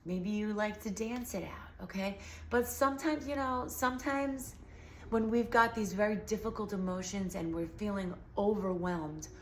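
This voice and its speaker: A woman vlogger talks casually to camera at a normal speed in a mid-range, slightly sore voice. She is an earnest healing vlogger who rambles with many fillers, recorded in an echoey room with faint background hiss.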